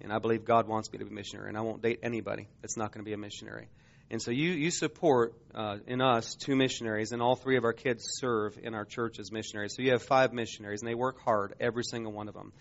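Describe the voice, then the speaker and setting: Halting, earnest man preaching a testimony. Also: fairly low pitch, fairly even intonation, vocal fry, dull audio. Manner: halting, emotional storytelling with many restarts. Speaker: missionary preacher. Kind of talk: sermon testimony.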